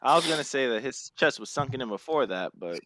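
A man in casual chat, recapping a wrestling match with animated retelling. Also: medium pitch, quick pace, slight background noise. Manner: animated recapping with mock voices. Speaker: wrestling podcast co-host.

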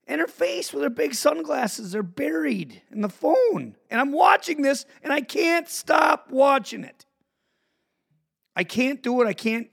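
Animated, profane man ranting on his podcast. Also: very high-pitched, creaky. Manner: animated, profane, swings from mutters to shouts. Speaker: podcast host. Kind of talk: ranting monologue.

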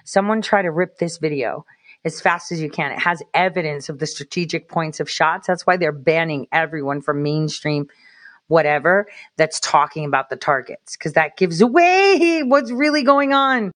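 Excitable rambling woman live-streamer. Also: sits low. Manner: excitable, rambling, quick asides. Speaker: livestreamer. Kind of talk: casual live-stream commentary.

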